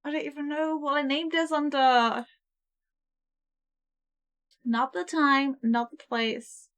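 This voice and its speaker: A young woman with a high voice chats her way through a game on a live stream. She talks at an easy, unhurried pace. She sounds flustered and giggly as she thinks aloud. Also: steady tone, a bit bright. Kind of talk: casual live-stream gameplay chat.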